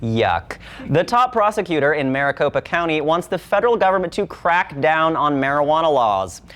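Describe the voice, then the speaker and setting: A man's voice: on the high side, sing-song, moderate pace, a bit bright. A man anchoring a satirical local newscast, reading in a sardonic, editorializing way. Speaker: news anchor.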